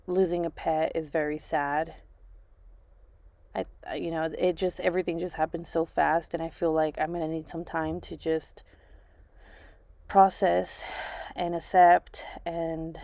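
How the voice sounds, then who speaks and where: A woman with a low-set voice and a gravelly edge, sharing personal news in a casual vlog. She is a subdued, grieving mother who talks haltingly, stops mid-thought and starts over. The sound is close and dry. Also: a little mellow, dry recording. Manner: halting, restarts and repeats herself, lots of fillers. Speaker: vlogger and mother.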